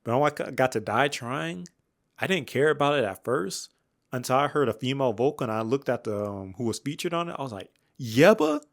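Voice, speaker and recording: A young man giving a candid, slangy album review, rambling with fillers and restarts, dropping to low mutters and jumping up when excited. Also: fairly quick. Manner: swings between flat mutters and excited highs. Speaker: music reviewer. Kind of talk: casual album review monologue.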